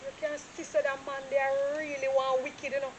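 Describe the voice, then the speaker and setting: A woman's voice: high voice, level tone, normal speed, a little hiss or hum, close to an everyday voice. A Jamaican woman playing a nosy, chatty surveyor. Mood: disapproving. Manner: gossiping, chatty, dramatic retelling. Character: nosy talkative female surveyor, gossipy and quick to apologise. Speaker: property surveyor. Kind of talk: low-budget drama acting.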